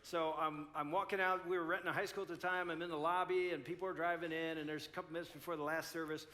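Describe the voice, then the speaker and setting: A man's voice: a little high, little pitch movement, quick pace, bright, forceful tone. An older man in his sixties, a pastor speaking at a couples conference, telling a story animatedly and acting out both sides.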